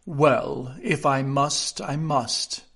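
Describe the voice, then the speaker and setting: A man's voice: a little high, fairly even intonation, measured pace. A man voicing a fussy, anxious king who speaks in a grave, self-important way. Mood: pompous.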